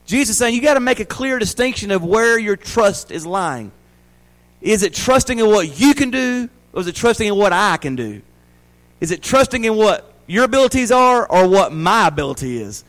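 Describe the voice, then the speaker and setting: High-voiced Southern preacher man. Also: rough recording. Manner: folksy, down-home preaching with rhetorical questions. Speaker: pastor. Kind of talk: sermon.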